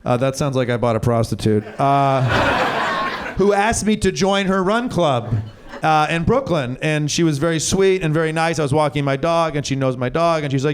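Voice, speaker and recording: A man in his forties doing improvised stand-up on a club stage, animated and self-mocking, jumping into high mock shouts. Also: normal speed. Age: 40s. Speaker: stand-up comedian. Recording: crowd noise from live audience. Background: audience laughing.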